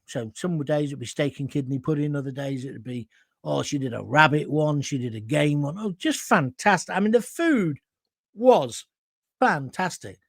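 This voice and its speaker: Give me an older host telling stories casually, a slightly high voice, dry close sound. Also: male voice, no room sound. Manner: chatty and anecdotal, often asks "right?". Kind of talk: casual storytelling on a live show.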